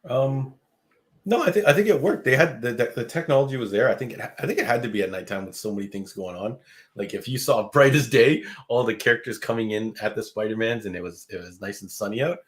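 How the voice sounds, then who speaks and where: A man's voice: mid-range voice, fast talker. A man co-hosting a live show, chatting casually and laughing often. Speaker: co-host.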